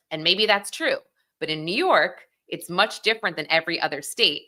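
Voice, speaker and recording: A woman's voice: on the low side, lively intonation, normal speed, bright, forceful tone. A young woman hosting a live legal talk show, chatting casually with lots of "like" and "you know" and acting out the people she quotes.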